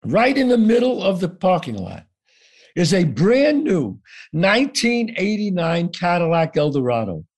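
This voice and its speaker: A man's voice: high-pitched, big pitch swings, measured pace. An older man telling his story as a podcast guest, acting out both sides of each conversation and swearing freely. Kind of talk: animated storytelling.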